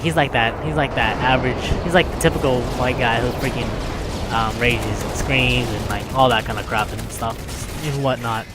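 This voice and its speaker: A man's voice: mid-range voice, very noisy. A young man telling a casual story, rambling and filling it with "like" and "right?", with music behind. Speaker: vlogger.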